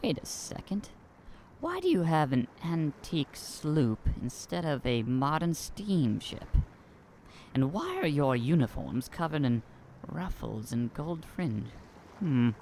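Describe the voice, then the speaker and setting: Man doing a prissy rich scholar, very lively pitch, slow and fussy, faint hiss behind. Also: heavily acted. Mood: prim. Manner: prim, gushing, naive academic chatter. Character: pompous rich young male pirate scholar.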